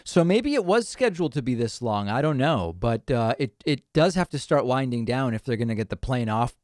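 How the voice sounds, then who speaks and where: A man's voice: mid-range voice, big pitch swings, fairly quick, darkish tone. A man hosting a live stream, commenting on a speech with dry, skeptical asides.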